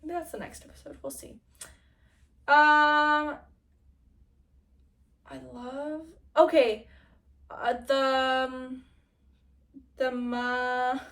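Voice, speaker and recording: A young woman vlogger chatting casually and gushing about a show, with lots of fillers and quick laughs. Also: high voice, level tone, a bit bright, distant mic. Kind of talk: casual chat.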